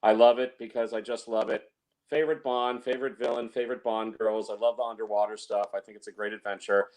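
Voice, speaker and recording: A man's voice: fairly low pitch, flat delivery, fast talker, darkish tone, poor audio. A man giving an enthusiastic, earnest film review in casual discussion.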